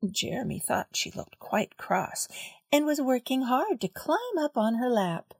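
A woman reading a children's story aloud, carefully and clearly. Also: high voice, very animated, measured pace, no room sound, clean studio sound.

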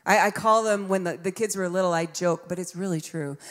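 A woman's voice: lowish voice, fairly quick. A woman in her fifties preaching a sermon in a conversational way, acting out voices and laughing along. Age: 50s. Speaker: pastor.

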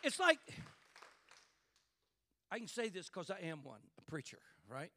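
High-voiced fervent male preacher. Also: wildly swooping pitch, unhurried, slight background noise. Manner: fervent, builds to shouts, calls "Hello?" to the congregation. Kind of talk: sermon. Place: church.

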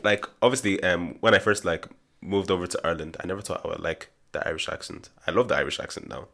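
A young man in casual podcast chat, relaxed and thoughtful, full of fillers. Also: sits low, fast, gravelly.

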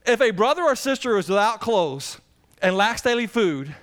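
High-voiced preaching man, folksy and lively. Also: normal speed. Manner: swings between high excited preaching and low quiet asides; folksy, asks the congregation questions. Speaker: pastor. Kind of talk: sermon.

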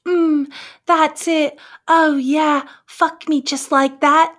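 A woman playing a loud, eager lover. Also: a little high, moderate pace, lightly acted. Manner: breathy, over-the-top moaning delivery.

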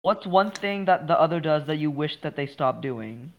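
A young woman leads a casual chat with her friend, reading out questions and joking along. Her voice is low but swings widely in pitch as she talks. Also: expressive, normal speed, lo-fi sound. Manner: chatty, asks questions, playful.

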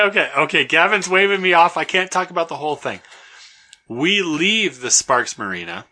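Podcast host guy telling a funny story, keeps laughing, really bright sharp voice. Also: medium pitch. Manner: animated storytelling, laughing often. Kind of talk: casual chat.

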